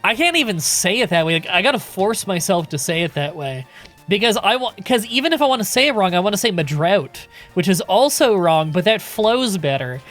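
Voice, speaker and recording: A high-voiced man streams a game live, answering chat questions in a relaxed, casual way with some swearing mixed in.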